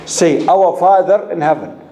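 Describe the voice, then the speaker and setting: Slow-talking man teaching a class. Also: fairly high pitch. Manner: asks the class questions and repeats key terms. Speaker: instructor. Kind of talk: classroom lecture. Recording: echoey room with faint noise.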